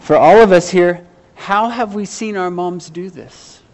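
A man's voice: high voice, unhurried, a little mellow. A man preaching a sermon, earnestly putting questions to his congregation with some self-deprecating humor. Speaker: pastor.

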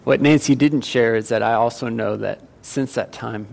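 A man leading a church service as pastor, reading scripture aloud in a steady, measured way. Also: medium pitch, creaky. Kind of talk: sermon.

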